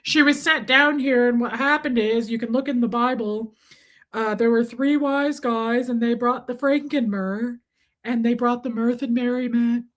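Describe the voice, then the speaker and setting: In casual streaming chat, a young woman running the livestream wanders through a funny story and swears freely. Her fairly high voice moves at a moderate pace with fairly even intonation.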